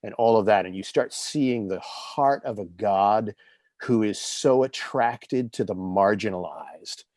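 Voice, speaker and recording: An interview guest in his fifties, this man speaks at a measured pace in a lowish, darkish voice, telling stories loosely and conversationally. His manner is reflective and earnest. The close, dry recording carries no room sound.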